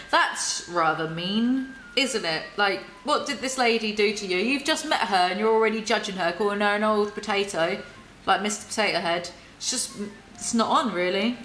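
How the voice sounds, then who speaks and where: Woman doing snarky asmr book roast, bright tense voice, kinda echoey room. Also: medium pitch, expressive, moderate pace, slight background noise. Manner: sarcastic, wry, mocking asides. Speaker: ASMR book commentary host. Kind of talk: soft-spoken ASMR commentary, reading aloud.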